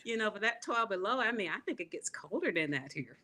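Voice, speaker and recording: A woman's voice: mid-range voice, lively intonation, brisk, bright, forceful tone. A woman in her sixties from Mississippi with a Southern accent, chatting as a guest in a drawling, laughing way. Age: 60s. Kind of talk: casual chat.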